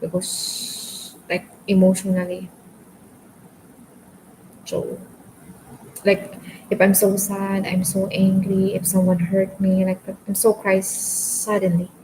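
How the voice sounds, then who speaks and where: A woman from the Philippines chats casually with her live-stream viewers in English, her second language, speaking openly and calling them guys. Her voice sits low and mellow, with little rise and fall. A faint room ambience hums behind her. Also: a little hiss or hum, rough recording. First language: Filipino language.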